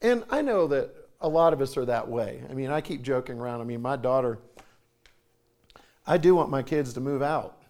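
A man in his forties from the United States, talking casually about parenting, with many restarts and clearings of his throat. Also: lively intonation, normal speed. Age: 40s. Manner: conversational storytelling, acts out quoted voices with sharp pitch jumps.

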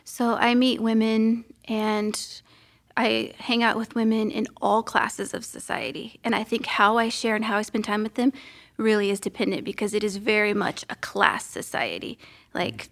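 A woman talking casually about her experiences sharing her faith, acting out quotes as she tells her stories. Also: medium pitch. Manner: lively, animated storyteller acting out quotes. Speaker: missionary guest. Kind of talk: casual conversation, storytelling.

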